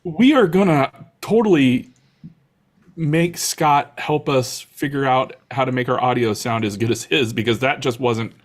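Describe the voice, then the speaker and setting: A man's voice: medium pitch, measured pace. A man co-hosting a live podcast, telling jokey stories in casual chat. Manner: jokey, bouncy storytelling. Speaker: podcast co-host.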